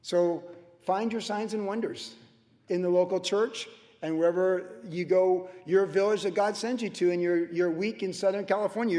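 High-voiced man in his sixties preaching. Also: long reverb tail. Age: 60s. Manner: conversational, storytelling with animated asides and laughs. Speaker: pastor. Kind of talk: sermon.

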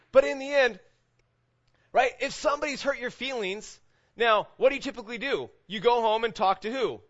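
A man's voice: high voice, a bit bright, highs cut off. A man preaching a sermon to his congregation in a casual, conversational way, often asking "right?". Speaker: pastor. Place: church sanctuary with congregation.

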